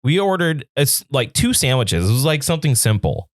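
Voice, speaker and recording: Male podcast co-host, lively pitch, dry close mic, profane animated storyteller. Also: a little fast, no echo. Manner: animated storytelling, swearing, acts out his own angry rants. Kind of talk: casual chat.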